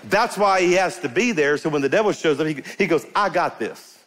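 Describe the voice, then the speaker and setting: A middle-aged man preaching a sermon to his congregation, emphatic and animated, calling out to the crowd and rising into bursts of fervor. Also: a little high, brisk. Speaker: pastor. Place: church sanctuary before a congregation.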